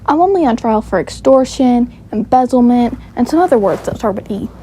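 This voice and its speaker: A woman's voice: a little high, animated, a little fast, mellow, slight background noise, close to an everyday voice. A woman voicing a flashy, careless rich uncle with a put-on Southern drawl, boastful and smug.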